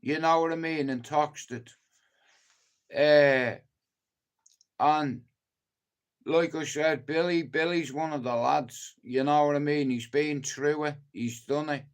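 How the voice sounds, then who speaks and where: Speaking slowly with frequent pauses, this livestream host has a smooth, somewhat high voice and a steady tone. He's a middle-aged man from Ireland who tells meandering stories in relaxed chat, cursing heavily.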